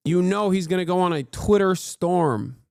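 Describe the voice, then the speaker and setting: A man in his thirties doing casual livestream commentary from home, profane, excitable and mocking as he rants about the news. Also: high-pitched, moderate pace, gravelly, no echo, clean studio sound. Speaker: streamer reacting to news. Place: home streaming room.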